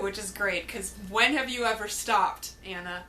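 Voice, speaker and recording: A woman's voice: on the high side, unhurried, hardly any pauses, bright, forceful tone, a little hiss or hum, poor audio. A young woman chatting casually to camera about a book, blunt, sarcastic and swearing freely. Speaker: book reviewer vlogger.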